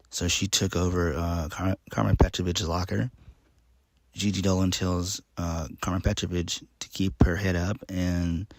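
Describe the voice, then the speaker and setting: A man's voice: low-pitched, creaky, dry recording. A man casually recapping a wrestling show, rambling with many ums and uhs in a laid-back way.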